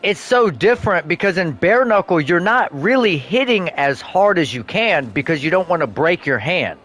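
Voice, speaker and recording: This gamer's voice is high and his pace moderate. While streaming, he spins lively, profanity-packed stories in relaxed chat, often bursting out laughing.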